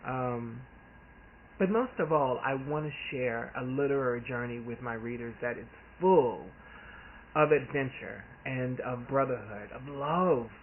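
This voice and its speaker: A man from the Deep South, an author talking casually and earnestly, rambling with restarts. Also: measured pace. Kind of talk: casual vlog talk. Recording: tinny phone-like audio with faint hiss.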